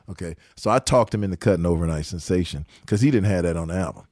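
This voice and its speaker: A man's voice: deep voice, fast talker, hardly any pauses, no room sound, studio quality. An older man, a musician, telling stories in a casual interview, quoting people and laughing often. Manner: animated storyteller, quotes people, laughs often.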